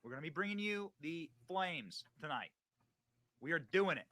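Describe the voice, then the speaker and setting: A man hosting a live show, talking in a hyped, preachy way that swings from loud bursts to hushed asides. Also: high voice, animated, moderate pace. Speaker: show host. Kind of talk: casual livestream talk.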